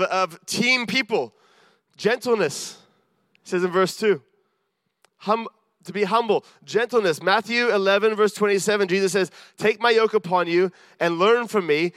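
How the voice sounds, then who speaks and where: A man delivers a sermon in an earnest, self-deprecating manner and acts out the people he quotes. His voice sits high for a man. The sound is dry and close, with no room echo. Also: a bit bright. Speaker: preacher.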